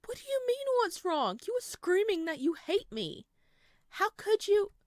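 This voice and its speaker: A woman's voice: a little high, lively intonation, unhurried, dry recording, studio quality, pitched above the performer's own voice. A woman voicing a young fiancée with a raised, scolding voice, reading a visual novel aloud. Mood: furious. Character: young woman fiancée, quick-tempered, shrill when angry.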